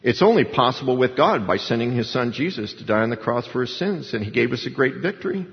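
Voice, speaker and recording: A man's voice: medium pitch, expressive, fast, vocal fry. A man preaching a sermon in an emphatic, conversational storytelling way. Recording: dull sound with long hall reverb.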